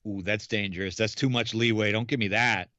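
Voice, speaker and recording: A man's voice: on the low side, steady tone, fairly quick, bright, forceful tone, dry recording, muffled recording. A man co-hosting a film podcast, playful and laughing, with fillers between his thoughts. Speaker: podcast co-host. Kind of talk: casual film review chat.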